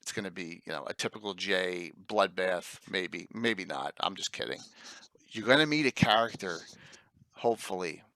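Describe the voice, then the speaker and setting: A man's voice: low voice, lively intonation, moderate pace, sharp tone, no room sound. A man hosting a casual livestream sign-off, chatty and rambling, often repeating his words. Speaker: stream host.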